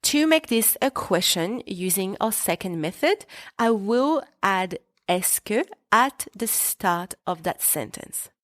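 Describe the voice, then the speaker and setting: A woman hosts a recorded language lesson in a steady, mid-pitched voice. She explains patiently and clearly, stopping to speak example sentences in French. The sound is dry and close, with no room around it. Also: takes it slowly, dry recording. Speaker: French teacher and podcast host. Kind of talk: scripted podcast lesson.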